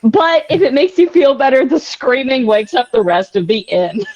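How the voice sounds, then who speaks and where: A woman playing a tabletop game, lively and quick to laugh. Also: high-pitched, dry recording, dull audio. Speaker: player. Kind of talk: casual game-table chat.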